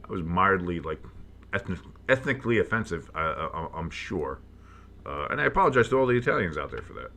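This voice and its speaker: A male sports fan calls games play-by-play in a casual, chatty, loose way, rambling with lots of fillers and jumping up with reactions when big plays break open. His deep voice is sing-song, creaky, and sharp-toned, and he talks fairly quickly.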